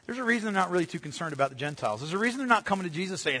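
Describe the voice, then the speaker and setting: A man preaching a sermon with a high, lively, bright voice that swoops from hushed lows to ringing peaks. His tone is a little husky, and the sound carries a long reverb from the sanctuary he speaks in. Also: very fast. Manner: animated preaching, addresses listeners as beloved, drops to hushed tones. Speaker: pastor.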